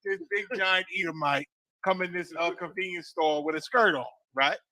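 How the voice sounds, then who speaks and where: A man telling an anecdote in casual chat, animated, acting out the quoted people. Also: sits high, moderate pace, poor audio. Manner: animated storyteller, acts out quotes. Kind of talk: storytelling anecdote.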